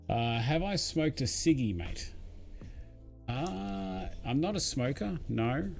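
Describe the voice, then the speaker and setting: A young Australian streamer chats casually to viewers during a live build, rambling with lots of fillers. His voice is on the low side with a darkish tone.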